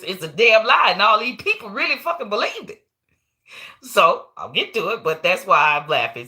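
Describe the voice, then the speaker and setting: Low-voiced, bright, profane woman storyteller. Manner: animated, profane, laughing often. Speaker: comedy show host. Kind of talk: casual storytelling rant.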